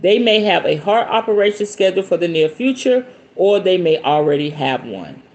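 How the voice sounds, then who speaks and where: Speaking at a moderate pace in a lowish voice, this podcast host reads a book and regularly breaks off. Her asides are playful, casual, and animated.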